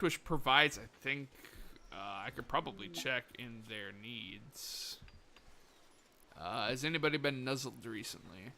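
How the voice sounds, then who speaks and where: Young male game streamer, muttery and profane with sudden outbursts, lively pitch, very bright voice. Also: measured pace, vocal fry, slight background noise. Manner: muttering to himself, swearing, sudden excited outbursts. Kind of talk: live gameplay commentary.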